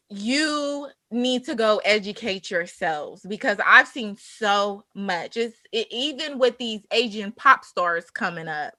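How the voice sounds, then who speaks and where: Bright, forceful woman co-host. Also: medium pitch, no echo. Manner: forceful, impassioned and preachy. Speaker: podcast co-host. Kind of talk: casual chat.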